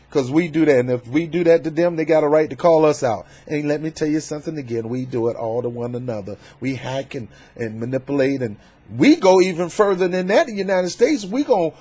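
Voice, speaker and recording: A man doing a casual political commentary vlog, talking in a fervent, preachy, colloquial way with loud emphatic outbursts. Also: a little high, slightly rough. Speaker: YouTube commentator.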